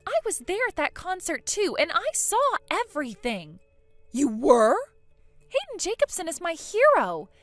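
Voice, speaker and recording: Woman doing a chatty teen girl, high bouncy voice, gossipy. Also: huge pitch swings, unhurried, dry recording, soft background music, heavily acted. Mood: upset. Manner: breathless, gossipy, eager. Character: teenage granddaughter, excited and chatty.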